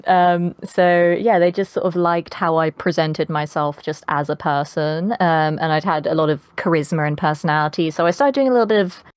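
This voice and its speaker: A low-pitched young woman with a posh British accent talks at a moderate pace with hardly any pauses and a clean tone. As a guest voice actress in a casual podcast interview, she's chatty, says um often and laughs a lot. The studio sound is clean with no echo.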